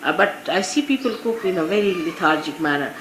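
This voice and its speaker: A fairly low-pitched, expressive woman's voice, quick and a touch bright, belongs to an Indian spiritual teacher with an Indian English accent. She talks informally to her followers, relating anecdotes and frequently adding "you see." The recording is an echoey 1980s archive piece with faint hiss.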